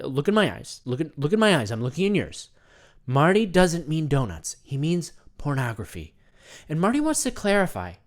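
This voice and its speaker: A man hosting a comedic self-help monologue, earnest and soothing, talking about himself in the third person. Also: fairly high pitch.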